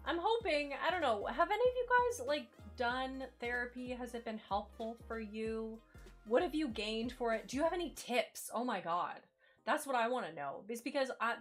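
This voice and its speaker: A woman chatting candidly with her live-stream viewers while playing a game, filling her talk with "like". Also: a little high. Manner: chatty and candid, fillers like "like" everywhere, greets chat. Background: faint game music.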